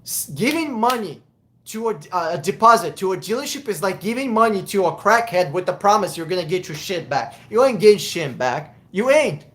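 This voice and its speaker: A man's voice: high-pitched, expressive, brisk, fairly bright tone, a little hiss or hum. A man hosting a live stream, answering viewer questions in a blunt, profane way with emphatic repetition.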